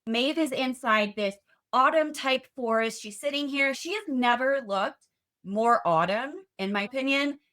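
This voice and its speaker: A woman with a bright, fairly high voice hosts a podcast. She gushes about the books she loves with easy enthusiasm. She swears casually as she talks. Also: a little slow. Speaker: podcast host. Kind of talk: casual book chat.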